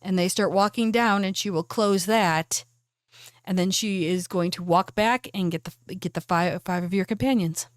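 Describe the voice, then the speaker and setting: A woman game master narrating scenes in a loose, chatty way, filling pauses with "uh" and restarts. Her voice sits at an ordinary middle pitch. The recording is close and dry. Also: no room sound. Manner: casual and chatty, with fillers.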